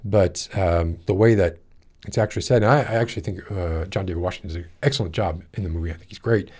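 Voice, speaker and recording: Deep-voiced guy rambling on his podcast, lots of ums and restarts. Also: quick pace, darkish tone, slightly rough. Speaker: podcast host. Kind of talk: casual rambling chat.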